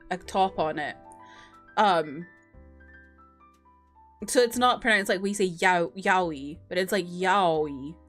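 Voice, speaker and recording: A woman streamer chatting casually with her viewers, greeting them by name between giggles and filler words. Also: mid-range voice. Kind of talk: casual live-stream chat.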